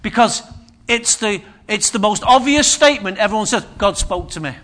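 A man's voice: sits high, expressive, moderate pace, bright, forceful tone. A man preaching a sermon, conversational and humorous with emphatic turns.

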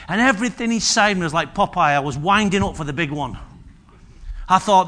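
High, bright-voiced older male preacher. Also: a little fast. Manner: lively, storytelling, asks the congregation questions. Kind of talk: sermon. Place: church.

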